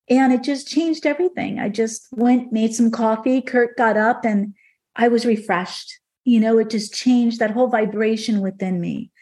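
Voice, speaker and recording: A woman's voice: on the high side, darkish tone. Earnest woman telling a heartfelt story. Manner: earnest, emotional, conversational with many fillers. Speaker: podcast guest speaker. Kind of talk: personal storytelling on a podcast.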